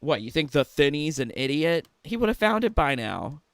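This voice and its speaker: A man tears into a gaming video with profane, mocking commentary and keeps breaking into laughter. His voice sits a little high and sounds smooth and resonant. The sound is dry and close, with no room around it. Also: big pitch swings, normal speed, dry recording. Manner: mocking, laughs often, swears freely.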